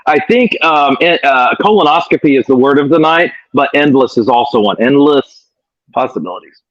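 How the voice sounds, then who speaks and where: A man's voice: a little high, lively intonation, a little fast, a bit bright, dull audio. A man co-hosting a live stream over a video call, joking and teasing. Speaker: co-host. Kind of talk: casual live-stream chat.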